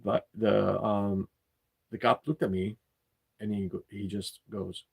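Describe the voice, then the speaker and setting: A man's voice: on the low side, flat delivery, slow pace, gravelly, breathy edge. A man telling a story in a casual, indignant rant, swearing often and circling back over his points. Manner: indignant, swears freely, loops back and repeats himself. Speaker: delivery driver and channel host.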